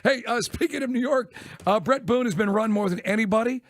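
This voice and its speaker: A man hosts sports talk radio with a high, gravelly voice. He rattles through jokey stories at a fast clip. The studio sound is dry and close. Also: no echo. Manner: rapid, joking storyteller who laughs at his own punchlines.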